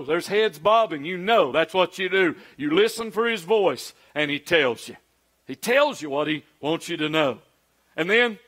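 A man's voice: sits high, fairly bright tone. A man, a pastor preaching a conversational sermon full of rhetorical questions.

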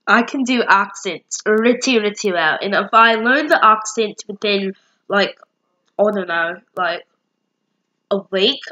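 A woman's voice: medium pitch, bright, forceful tone, poor audio. A young woman in her late teens chatting casually to camera with a bubbly, rambling manner and many fillers. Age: young adult. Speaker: vlogger.

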